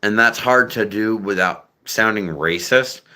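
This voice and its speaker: Man, live-stream host, casual rambling chat, profane, bright sharp voice. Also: on the low side, unhurried, clean tone. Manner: profane, rambling, many fillers and restarts. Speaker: livestream host.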